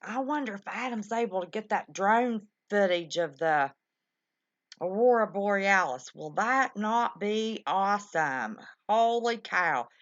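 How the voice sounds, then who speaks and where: A woman hosting a live-stream show chats folksily and affectionately with callers and viewers. Her medium-pitched voice is expressive and a little slow, and the lo-fi stream audio sounds dull but has no echo.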